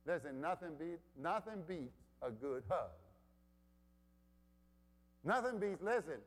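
A middle-aged man from Honduras preaching a sermon as a pastor, slow and emphatic, repeating his key phrases. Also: fairly high pitch, expressive. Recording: long hall reverb.

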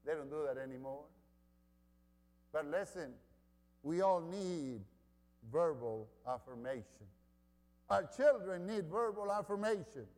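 A middle-aged man from Honduras delivers a sermon at an unhurried, deliberate pace, leaning on repetition to drive his points home. His voice sits somewhat high for a man, and a long reverb trails each phrase as if he is in a large church hall. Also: animated, a little mellow. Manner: slow, emphatic preaching with repeated phrases. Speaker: pastor.

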